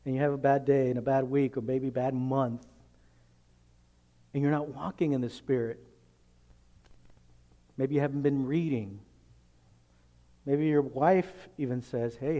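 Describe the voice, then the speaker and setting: A pastor preaches a sermon conversationally, asking the congregation rhetorical questions and acting out voices in little scenes. He has a warm, mid-range voice.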